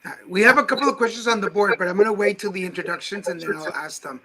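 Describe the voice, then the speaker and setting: High-voiced chatty male host. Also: racing, crowd noise, rough recording. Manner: chatty, joking, filler-heavy. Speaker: interview host. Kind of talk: casual interview with a theatre cast.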